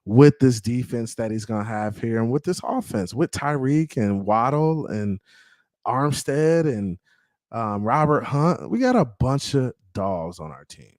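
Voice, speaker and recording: A man hosts a fan livestream in casual, slang-heavy talk and reads out the live chat. His pitch sits in an ordinary middle range. The sound is dry and close, with almost no room around it. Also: animated, a little slow, darkish tone, dry recording. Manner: hyped, slangy, greets chatters by name. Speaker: fan podcast host reading live chat.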